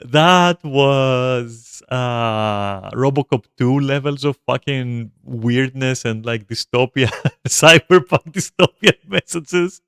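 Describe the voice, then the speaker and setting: A man's voice: mid-range voice, slow, fairly bright tone, smooth, no echo, clean studio sound. A man giving casual gameplay commentary as a streamer, rambling, swearing freely and filling his talk with "like" and "you know". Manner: rambling, profane, with frequent fillers.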